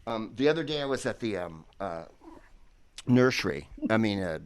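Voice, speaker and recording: A man's voice: lowish voice, expressive, normal speed, clean tone. A stand-up comedian from San Francisco performing a set from home over a video call with an earpiece headset. He rambles and digresses with many fillers and restarts.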